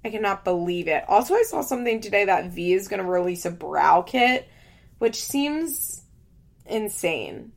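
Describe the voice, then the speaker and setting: A woman's voice: mid-range voice, very animated, normal speed, gravelly. A woman giving a frank, casual recap of a reality TV show, opinionated and swearing freely.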